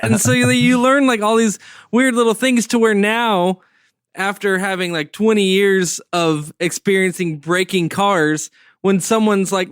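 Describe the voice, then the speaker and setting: Higher-voiced man, smooth and dry. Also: a little fast, no room sound. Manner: easygoing, recounts his experiences with quoted asides. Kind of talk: casual podcast chat.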